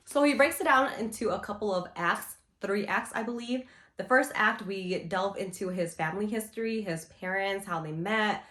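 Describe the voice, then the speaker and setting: A woman's voice: mid-range voice, fairly bright tone. Gushing young woman in a roomy room. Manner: gushing, chatty, lots of "you know" and "like". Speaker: book vlogger. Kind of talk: casual book review. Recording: roomy echo.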